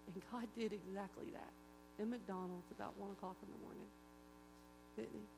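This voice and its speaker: A woman at a church gathering tells her personal testimony in an animated, emotional way, acting out the voices of the people in her story. Her voice sits at a middle pitch and carries through a hall with a long, echoing reverb and a faint hum underneath. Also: moderate pace, vocal fry. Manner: animated storyteller who acts out quoted voices. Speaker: guest giving a personal testimony.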